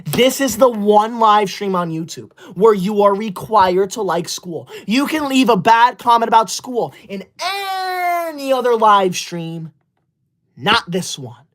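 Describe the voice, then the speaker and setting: Comedy sketch: performer as a self-righteous young livestreamer, scolding and banning chatters in outraged shouts. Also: medium pitch, animated, slow. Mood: indignant. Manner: indignant scolding, sudden shouted outbursts. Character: self-righteous school-loving young streamer, touchy.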